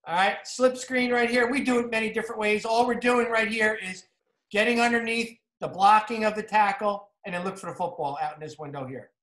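Male football coach, New Jersey accent, high voice, energetic clinic talk in a roomy echo. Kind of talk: clinic talk narrating game film.

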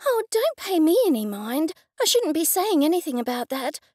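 Audiobook character: a woman voicing a fretful wife, pitched well up, anxious and pleading, with a gravelly edge. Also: lively intonation, slow pace, mellow, dry recording, studio quality, full character voice. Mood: nervous pleading. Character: nervous, flustered adult woman, lawyer's wife.

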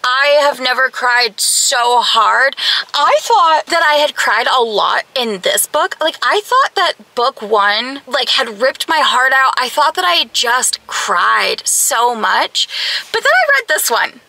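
A woman's voice: sits high, expressive, takes it slowly, creaky, bright, forceful tone, no room sound, poor audio. A young woman talking casually in a reading vlog, emphatic and gushing, full of "like" and "you know what I mean". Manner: emphatic, gushing and exasperated, filler-heavy. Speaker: book vlogger.

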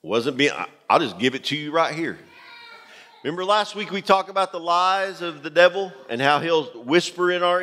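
Pastor guy preaching, kinda high voice, lots of church hall echo, repeats stuff for emphasis. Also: fairly bright tone. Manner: emphatic preaching, repeats key phrases, talks straight to the congregation. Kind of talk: sermon. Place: church sanctuary. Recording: long hall reverb from a church.

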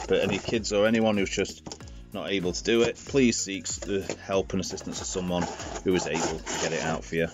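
Man, low voice, rambling toy review chat, jokey, soft music behind. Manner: chatty and rambling, jokey asides. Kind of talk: casual unboxing review.

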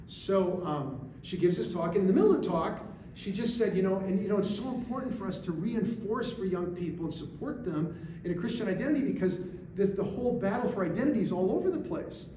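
High-voiced man telling a story, echoey. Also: brisk, hardly any pauses. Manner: animated storyteller, emphatic rhetorical questions. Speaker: guest speaker. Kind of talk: storytelling talk to a gathering. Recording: echoey room, distant mic, faint hiss.

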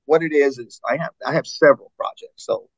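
A man and metal singer chatting in an interview, telling stories with lively acted-out quotes and frequent laughs. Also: mid-range voice, brisk, gravelly, breathy edge, no room sound, muffled recording. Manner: animated storyteller, acts out fans' voices, laughs often. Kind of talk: casual interview chat.

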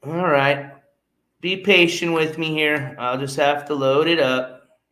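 A man's voice: fairly high pitch, fairly even intonation, takes it slowly, a bit bright, echoey room, rough recording. A man hosting a livestream, mocking a rival and thanking viewers for donations while he loads clips. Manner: mocking, then mutters while fiddling with files. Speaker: livestream host. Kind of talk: livestream commentary.

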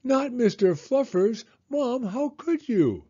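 A whiny, theatrical little boy pleads in a high, lively voice, as a man reading aloud puts him on. The sound is dull and lo-fi. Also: normal speed, husky, exaggerated voice. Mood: outraged.

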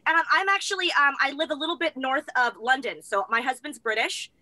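A woman's voice: sits high, lively intonation, fairly quick, pushed and bright, dry recording. An American woman co-hosting, gushing as a flustered fan over a video call. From United States. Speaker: co-host. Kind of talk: excited casual chat.

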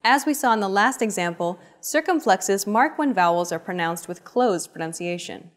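A woman narrates a language lesson, explaining each rule in an even, steady voice. Her delivery is scripted and explanatory, at a mid pitch. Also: moderate pace, soft background music.

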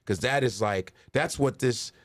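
A man's voice: mid-range voice, unhurried, no echo. A male comedian hosting a casual chat, telling stories and acting out other people's voices. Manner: animated storyteller acting out voices. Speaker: host, comedian.

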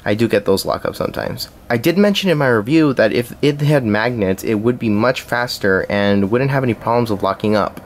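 Young man, scripted review voice-over, reads with small slips, medium pitch. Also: expressive, fairly quick, few pauses. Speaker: cube reviewer.

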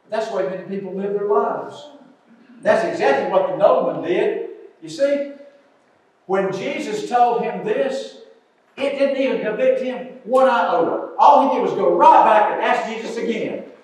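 An older man preaching an earnest sermon, moving between loud pleas and quiet asides. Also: high voice, normal speed. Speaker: pastor. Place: church sanctuary. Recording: echoey church sanctuary, distant mic.

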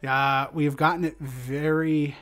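A man chats casually on a livestream, laid-back and rambling. His voice sits a little high and he laughs often between thoughts. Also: little pitch movement, unhurried, a bit bright, faint music behind. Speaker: stream host.

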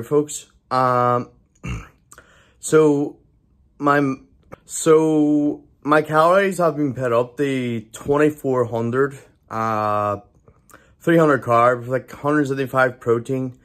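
A young man talking to camera in a casual vlog, excited and rambling, with lots of swearing and restarts. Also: mid-range voice. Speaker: bodybuilder vlogger.

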